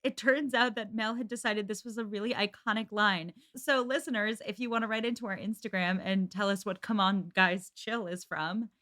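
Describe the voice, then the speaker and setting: A woman's voice: medium pitch, steady tone, normal speed, hardly any pauses, pushed and bright. A woman co-hosting a podcast, telling stories in casual, chatty conversation. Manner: chatty, storytelling. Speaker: podcast co-host. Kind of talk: casual chat.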